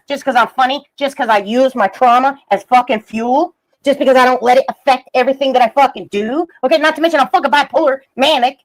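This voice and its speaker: A woman streaming live, ranting about online drama in a profane, combative, mocking way, reading out messages and jabbing at critics. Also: sits high. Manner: reads messages aloud, laughs between jabs.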